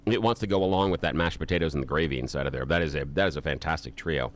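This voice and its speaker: A man's voice: rumbling low, very fast. A male radio co-host chatting casually and gushing with enthusiasm over the food. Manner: effusive, enthusiastic food praise.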